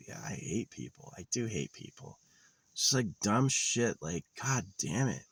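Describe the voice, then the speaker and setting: Very low-voiced man ranting profanely. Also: sing-song, unhurried, a bit bright, slightly rough, no room sound. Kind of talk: rambling monologue vlog. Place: outdoors in a wooded area.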